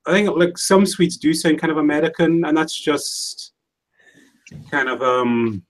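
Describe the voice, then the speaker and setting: A man's voice: on the high side, expressive, a little slow, low-quality recording. Rambling podcast co-host, man. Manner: rambling, hesitant, with many restarts. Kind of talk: casual chat.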